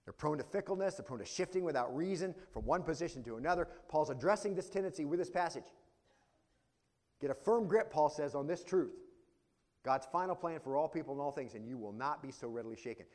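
A man preaching an expository sermon, explaining Greek words and often asking "see?", moving between loud emphatic passages and low quiet asides. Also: quick pace, few pauses. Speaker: pastor.

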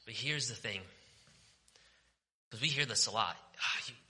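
A man in the pulpit delivers his sermon in a vivid, sharply bright voice. He swings between raised, forceful declarations and soft, intimate near-whispers, pressing his points with conviction. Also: medium pitch, measured pace. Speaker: pastor.

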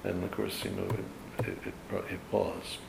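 A man with a somewhat low voice teaching scripture in a relaxed, talky manner, full of "you know" asides. He sounds recorded in a reverberant room, with a faint hum of ambience behind him. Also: measured pace, gravelly. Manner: conversational, loose, frequent "you know" asides. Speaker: Bible teacher. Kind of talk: informal Bible study teaching.

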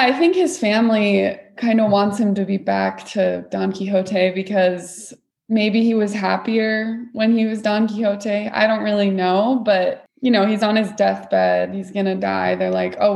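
A woman's voice: mid-range voice, steady tone, unhurried, vocal fry, darkish tone, echoey room. A woman taking part in a class discussion, speaking tentatively and casually.

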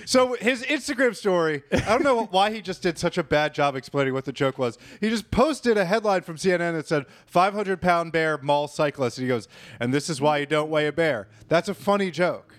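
A man's voice: on the high side, expressive, a little fast, no echo. A man teasing a friend in a dry way during casual chat, laughing along.

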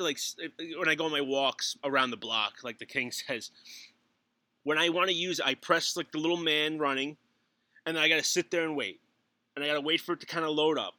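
A middle-aged man telling stories in casual chat as a podcast co-host, animated, laughing often and swearing. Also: fairly high pitch, fairly quick, no echo.

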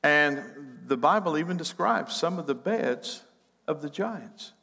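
A man's voice: a little high, animated, measured pace, creaky, bright, forceful tone, slightly rough. A man preaching a sermon, emphatic, with repeated phrases that build up. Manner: emphatic preaching with repetitions and rising build-ups. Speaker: pastor. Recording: long hall reverb.

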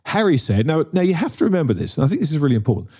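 A man's voice: on the high side, sing-song, racing, mellow, husky. A middle-aged man, telling a story in casual chat and often checking in with "right?". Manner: storytelling, keeps asking "right?". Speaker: podcast co-host.

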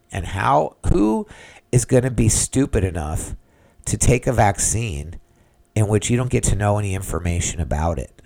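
A man's voice: on the low side, vocal fry. A middle-aged man hosting a solo podcast, talking in an emphatic, rambling way and often repeating himself. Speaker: podcast host. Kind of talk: opinionated solo podcast monologue.

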